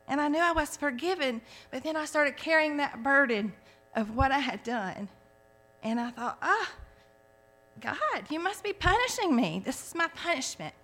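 A woman in her forties, with a high, slightly bright voice, gives a heartfelt faith testimony. She tells her story earnestly, restarting often.

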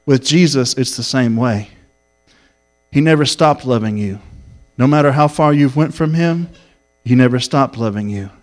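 Impassioned male preacher. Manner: storytelling preacher, swells up then drops low and soft. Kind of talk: sermon.

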